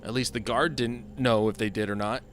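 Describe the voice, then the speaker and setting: A man's medium-pitched, fairly bright voice holds a steady tone at normal speed. Over game music, he delivers casual, rambling let's-play talk, cracking self-deprecating jokes, and his desk mic picks up each key press.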